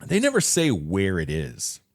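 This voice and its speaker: A man's voice: sits low, unhurried, no room sound, clean studio sound. A man co-hosting a casual movie podcast who rambles, jokes and slips into little voices. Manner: rambling, animated, fond of doing voices. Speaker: podcast co-host. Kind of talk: casual movie-review chat.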